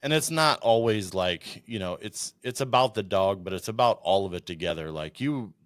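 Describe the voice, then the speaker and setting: A man with a very low, deep voice tells hunting stories in a loose, casual podcast chat. He swears freely and acts out quoted lines as he goes. The sound is dry and close to the mic. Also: lively intonation, moderate pace, no echo. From Iowa. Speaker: podcast guest, upland bird hunter.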